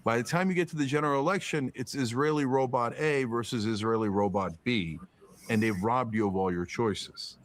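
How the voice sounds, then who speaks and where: A man's voice: medium pitch, a little fast. Emphatic, profane man ranting politics. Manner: emphatic, profane, rhetorical questions, mocking put-on quotes. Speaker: podcast guest. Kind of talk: political commentary in conversation.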